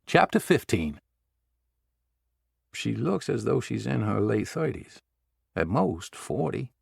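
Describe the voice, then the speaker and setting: A man giving measured, dramatic scripted narration of a thriller audiobook. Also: mid-range voice, big pitch swings, gravelly, slightly rough, dry recording, studio quality.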